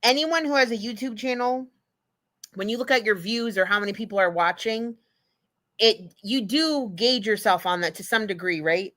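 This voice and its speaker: Blunt, bright-voiced woman streamer. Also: on the high side, normal speed. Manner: blunt, profane, rambling with fillers. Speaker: streamer reacting to clips. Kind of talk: casual livestream commentary.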